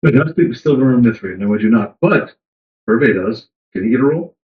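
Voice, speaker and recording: A man's voice: medium pitch, lively intonation, a little fast. A man casually playing a tabletop game, speaking directly. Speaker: player. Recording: roomy, dull lo-fi recording.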